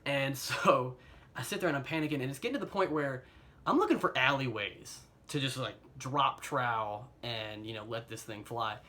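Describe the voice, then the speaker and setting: A man's voice: mid-range voice, moderate pace, sharp tone. A young American man telling an embarrassing personal story in a casual, rambling way, self-mocking and filled with fillers and chuckles, recorded on a phone camera. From United States.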